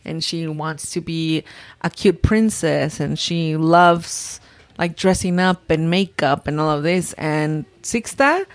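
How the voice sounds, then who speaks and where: A mother of three chats casually about her daughters, rambling with many restarts and sometimes mixing in Spanish words. She has a low voice and takes it slowly, and the recording is dry.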